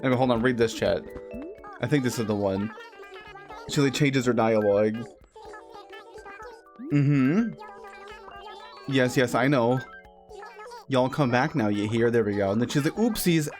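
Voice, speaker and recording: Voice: medium pitch, measured pace, pauses often, darkish tone. A game streamer chatting casually to viewers while playing, rambling and often correcting themselves, with faint game music behind. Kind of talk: casual live-stream commentary over gameplay.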